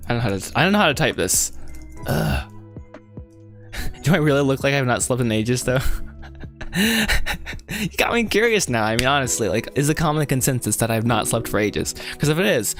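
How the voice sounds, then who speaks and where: Young male streamer, loose and chatty, laughs a lot, pokes fun at himself, average pitch. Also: very animated, brisk, fairly bright tone, faint music behind. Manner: rambling, self-deprecating, laughs often. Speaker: livestreaming writer. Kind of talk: casual livestream chat while writing.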